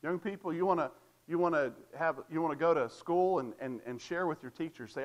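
A man preaching a sermon with a slightly raised pitch. He presses his points through repetition and rhetorical questions, and his delivery is emphatic. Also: fairly quick, highs cut off.

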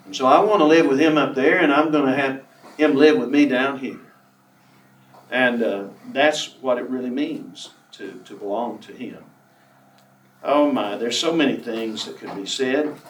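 A man preaching a sermon, emphatic, who reads scripture slowly and draws out key words. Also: mid-range voice, far from the mic, a little hiss or hum. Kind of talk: sermon on a Bible passage. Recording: echoey room from off the mic.

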